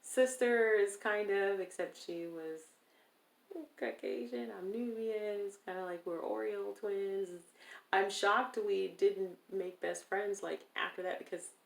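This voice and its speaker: A woman telling a personal story in a casual interview, animated and acting out the people she quotes. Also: medium pitch, measured pace, gravelly. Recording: roomy echo.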